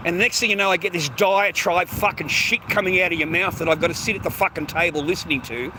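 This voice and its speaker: An Australian man in his fifties rants in a vlog, aggrieved and profane, speaking quickly with few pauses in a high-pitched voice. He stammers and restarts his sentences, and the recording comes from a noisy outdoor street.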